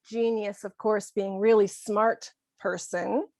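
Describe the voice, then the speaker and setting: A woman teaching an English lesson, explaining slowly and clearly and acting out short example lines. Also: mid-range voice, steady tone, a little mellow, dry recording, studio quality. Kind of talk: scripted ESL lesson.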